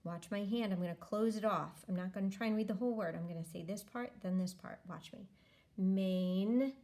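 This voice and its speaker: Woman teacher, warm low-key tone, patient step-by-step phonics modeling. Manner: slow, patient, modeling each step aloud. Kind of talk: phonics lesson.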